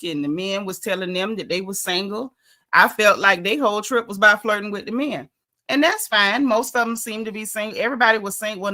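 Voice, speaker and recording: A woman's voice: mid-range voice, sharp tone. A woman hosting a live stream, chatting casually and bluntly about a reality show and greeting viewers in the chat. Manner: chatty and opinionated, heavy on "you know" and "like".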